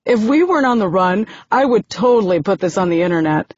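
A woman voicing a blunt, brash teenage boy who is dismissive and loud. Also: medium pitch, animated, brisk, no room sound, dull audio, natural voice. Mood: laughing.

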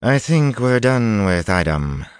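A grim, matter-of-fact woman jailer, slow and blunt, as a man reading the tale puts her on. Only slightly lifted from the reader's voice, dry and close. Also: fairly low pitch, big pitch swings, clear, resonant tone, dry recording, pitched above the performer's own voice.

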